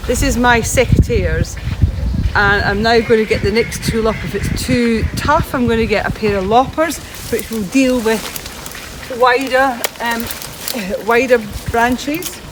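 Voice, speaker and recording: During an outdoor hands-on gardening session, a woman chats practically, narrating each step as she cuts. Her somewhat high voice is unhurried, and passing traffic and steady outdoor noise run underneath.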